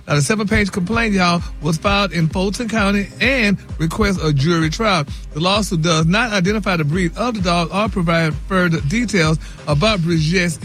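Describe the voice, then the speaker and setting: A man's voice: high voice, a bit bright. A man reading celebrity news on a radio morning show, sassy, dropping "y'all" and "honey" throughout.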